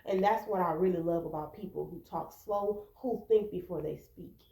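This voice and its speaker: Mellow-voiced woman giving relationship advice. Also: fairly low pitch, normal speed, creaky, echoey room, poor audio. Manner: earnest, repetitive, acts out quoted arguments. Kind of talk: casual advice talk to camera.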